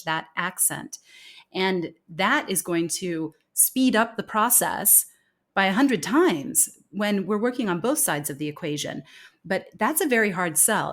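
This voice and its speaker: A woman, a communication consultant, earnestly explaining her views as a guest in an interview conversation. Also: lowish voice. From United States. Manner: earnest, explanatory, acts out quoted speech.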